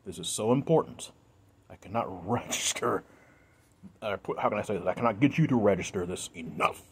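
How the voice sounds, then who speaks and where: A man's voice: lowish voice, lively intonation, fairly quick, slightly rough. A man speaking to his viewers in an earnest, emphatic monologue, repeating himself and sounding emotional. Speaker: video creator.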